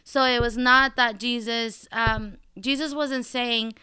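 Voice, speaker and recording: A woman co-hosts a church podcast, reading scripture aloud and reflecting on it with heartfelt sincerity. Her voice is fairly high, bright and very clear, in a dry, close recording. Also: steady tone, slow, no room sound. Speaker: podcast co-host. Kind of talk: conversational faith podcast.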